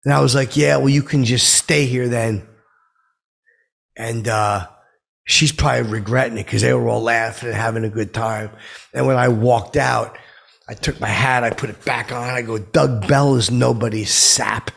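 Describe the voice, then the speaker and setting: A man playing a touchy, self-important middle-aged man who rambles indignantly in a comic monologue with a gravelly, husky voice. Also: mid-range voice, steady tone, moderate pace, fairly bright tone.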